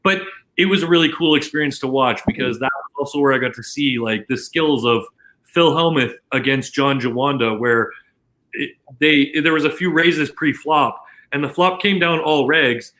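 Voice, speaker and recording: A man's voice: medium pitch, bright, forceful tone, poor audio. A man from Canada who works as a casino dealer, telling a long anecdote in casual chat, full of restarts and quoted dialogue. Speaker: casino dealer, podcast guest.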